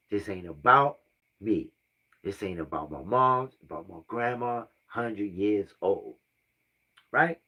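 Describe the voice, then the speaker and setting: A man's voice: on the low side, animated, takes it slowly, long pauses, pushed and bright, breathy edge. A man in his fifties telling a personal family story, rambling and repeating himself, often asking "right?" and sighing. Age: 50s. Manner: rambling and repetitive, often asks "right?" and sighs. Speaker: vlogger.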